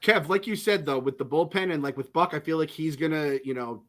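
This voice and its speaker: A man co-hosting a sports podcast, venting fast and swearing freely. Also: on the high side, a bit bright. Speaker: podcast co-host. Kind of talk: casual sports talk.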